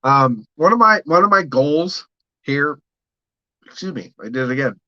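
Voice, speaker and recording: Fairly high-pitched and forceful, his bright voice has lively intonation and a moderate pace, captured lo-fi with no room sound. The livestream host chats about upcoming brews, swearing liberally, rambling, and replying to comments from viewers.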